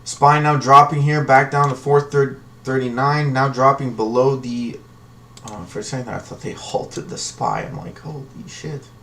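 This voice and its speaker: A man's voice: mid-range voice, steady tone, unhurried, sharp tone. A man hosting a live trading stream, talking casually and ramblingly in a slangy way. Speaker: livestream stock trading host. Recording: distant from the mic with faint noise.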